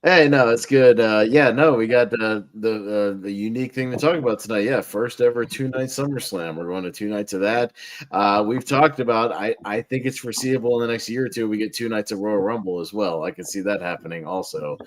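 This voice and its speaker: A man co-hosting a casual podcast chat who talks in an upbeat, chatty way and repeats words for effect. His voice sits somewhat low for a man. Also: a little fast. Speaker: podcast co-host.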